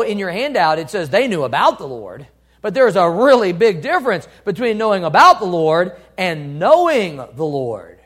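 A middle-aged man preaching a sermon, earnest, swinging between loud urging and quiet asides. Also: very high voice. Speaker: pastor.

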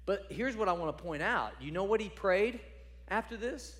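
A man's voice: high-pitched, animated, moderate pace, fairly bright tone, long reverb tail. A man preaching a sermon as a pastor, conversational and emphatic, repeating phrases for stress.

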